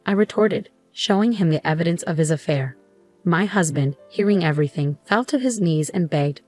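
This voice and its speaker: A woman tells a first-person story in a composed, even way. Her voice sits on the low side. Quiet music plays underneath. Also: normal speed. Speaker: narrator.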